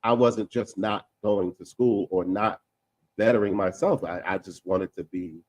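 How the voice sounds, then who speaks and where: A man talking casually in a discussion, emphatic and repeating himself, with quick asides. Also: on the low side, darkish tone, dry recording.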